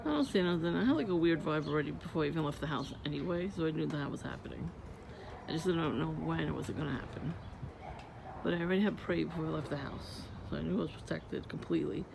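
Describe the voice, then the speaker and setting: A woman's voice: low-pitched, fast, gravelly. A woman vlogger telling stories in a blunt, irritated, profane casual rant. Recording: muffled lo-fi with loud background noise.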